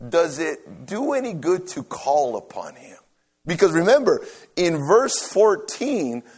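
A man preaching a sermon, emphatic and repetitive, dropping to soft near-whispers on key phrases. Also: a little high, slightly rough.

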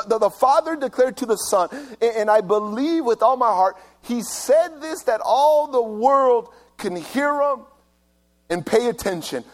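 Slow, dramatic high-voiced male preacher. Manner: dramatic swings from near-whisper to loud emphasis; repetitive, building lists. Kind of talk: sermon.

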